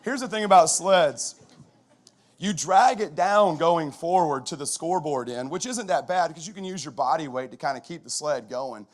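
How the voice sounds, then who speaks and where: This middle-aged man, a football coach, speaks a little high at a moderate pace. His chapel talk is conversational storytelling, lively and full of restarts.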